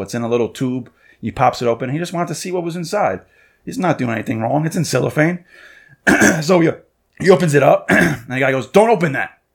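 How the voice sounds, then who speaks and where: A man hosting a podcast, telling quick casual anecdotes and acting out what people said. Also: medium pitch, creaky. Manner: fast anecdotes with acted-out quotes.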